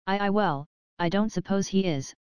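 A woman's voice: medium pitch, normal speed, a little mellow, clear, resonant tone, dry recording, muffled recording, natural voice. A woman reading the part of a hot-tempered young male fox who sulks and gives in grudgingly. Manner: sulky, grudging.

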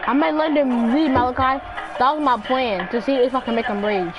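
A woman chatting casually while playing an online game, teasing a teammate over and over and yelling now and then. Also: high voice, a little fast, highs cut off, over music. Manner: taunting, repetitive teasing; loud, yelling outbursts. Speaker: gamer. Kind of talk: casual gaming chat.

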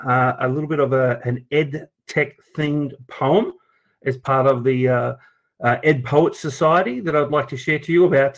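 An Australian man from Sydney giving an informal conference talk to teachers over a video call, chatty and jokey, with many fillers and restarts. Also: mid-range voice. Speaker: teacher presenting at an education event. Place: at his desk, presenting over a video call.

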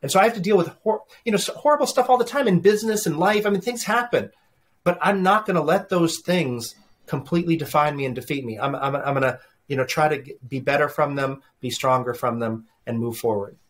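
A middle-aged man being interviewed as a leadership speaker, telling animated family anecdotes with frequent restarts. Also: fairly high pitch, a little fast. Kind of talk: conversational interview storytelling.

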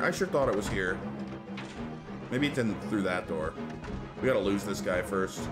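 Male game streamer, expressive and swooping pitch, clear game music playing underneath. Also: normal speed. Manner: reacts aloud to the game and chats with viewers. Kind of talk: live gameplay commentary.

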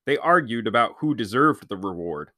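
A man reading a children's novel aloud at a steady pace, stopping now and then to correct his own slips. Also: medium pitch, normal speed, no room sound, studio quality. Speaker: children's book reader. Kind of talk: read-aloud storytelling.

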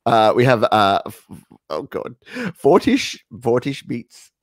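A man's voice: mid-range voice, lively intonation, slow pace, dry recording, clean studio sound. A man co-hosting a casual livestream chat, teasing and playful, stumbling a little as he reads out names. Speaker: co-host.

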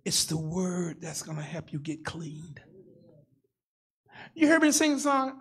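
A man's voice: a little high, very animated, unhurried, a bit bright, slightly rough. A man in his sixties preaching a sermon as pastor, in a folksy, rhythmic style that repeats phrases and calls for responses from the congregation. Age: 60s.

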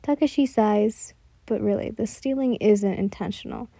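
A woman narrating a fan fiction story in a soft, even storybook reading. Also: mid-range voice, normal speed, creaky, no echo.

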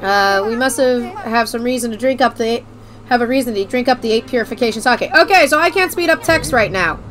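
A woman streamer giving casual, excitable gameplay commentary, giggling, swearing and reading game text aloud. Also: fairly high pitch, a little fast, soft background music, rough recording. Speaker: let's play streamer.

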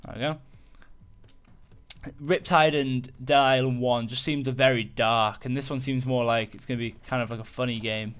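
A man's voice: mid-range voice, normal speed, clear, resonant tone. Rambling man commentating a game. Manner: rambling, full of fillers and restarts, easily excited. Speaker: gaming channel host. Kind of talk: casual let's-play commentary.

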